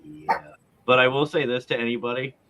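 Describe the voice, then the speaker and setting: A man with a bright, forceful voice, telling a story in casual chat. He talks in an animated way, acts out what others said, and swears freely. A faint hiss of noise sits under his voice. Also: medium pitch, brisk, rough recording. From San Diego area.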